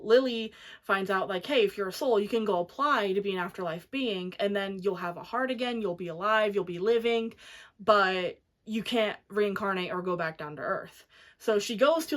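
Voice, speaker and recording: Woman, casual book review chat, enthusiastic, filler-heavy, mid-pitched voice. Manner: chatty and enthusiastic, many "like" fillers.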